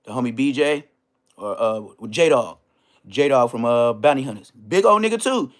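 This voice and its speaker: A man from Inglewood, telling a slang-heavy story in a casual, animated rant. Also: mid-range voice, a little slow. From Inglewood, Los Angeles. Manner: animated, slang-heavy, bursts into loud exclamations.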